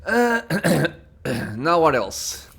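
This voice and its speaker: Chatty man with lively pitch. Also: extremely slow, gravelly, slightly rough. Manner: chatty, thinks aloud with many "uh"s, laughs at himself. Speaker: let's play host. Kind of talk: casual gameplay commentary.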